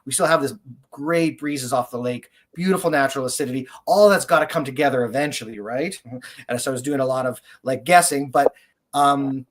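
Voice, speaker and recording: A man's voice: mid-range voice, brisk. A man, a winemaker, talking enthusiastically and rambling in a casual interview, with many fillers. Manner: enthusiastic, rambling, heavy use of "like". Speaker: winemaker guest.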